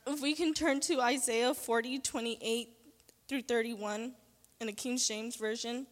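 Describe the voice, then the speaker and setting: A woman with a somewhat high voice gives an earnest, halting testimony in church, circling back with fillers and repeats. Her words ring out with a long reverb from the church hall. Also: fairly even intonation. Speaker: church member giving testimony.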